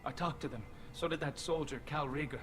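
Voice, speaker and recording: Jittery young alien guy in a game, an actor voicing him, stammers a bit, higher voice. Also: a little fast, music in the background, close to an everyday voice. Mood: nervous. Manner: hesitant, stumbling. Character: nervous, grateful young alien man.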